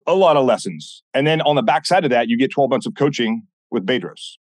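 A man guesting on a podcast, telling stories in a blunt, animated way and acting out what people said. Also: mid-range voice, fairly quick, dry recording. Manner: animated, blunt, swears often, acts out quoted dialogue. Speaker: podcast guest, former military instructor. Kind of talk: casual interview storytelling.

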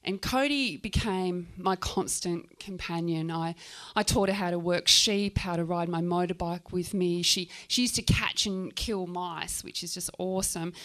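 A woman from Tasmania with an Australian accent, telling a personal story to an audience in a frank, animated way, swearing freely and acting out scenes. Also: fairly low pitch, a little slow, few pauses.

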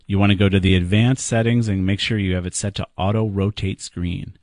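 A man hosting a call-in tech radio show, giving quick, plainspoken, jokey practical advice to callers. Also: sits low, steady tone, darkish tone, dry recording, clean studio sound. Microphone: studio microphone.

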